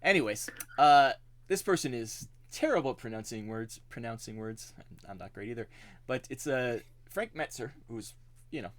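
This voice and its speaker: A man co-hosting a podcast, chatting casually and laughing often. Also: mid-range voice. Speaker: podcast co-host. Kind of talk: casual chat.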